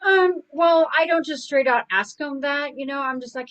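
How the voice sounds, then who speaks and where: A woman's voice: high voice, a little fast, hardly any pauses, a bit bright, poor audio. A middle-aged woman, a guest coach, telling personal stories in an earnest, conversational way, full of "you know". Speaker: guest, suicide prevention coach. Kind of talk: conversational storytelling.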